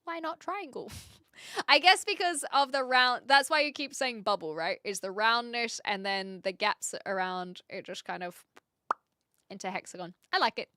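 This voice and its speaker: Bright-voiced New Zealand woman streamer. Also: a little high, lively intonation, unhurried, dry recording, clean studio sound. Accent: rounded New Zealand. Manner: chatty and curious, laughs often, swears casually. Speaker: live streamer. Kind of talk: casual live-stream chat reacting to videos.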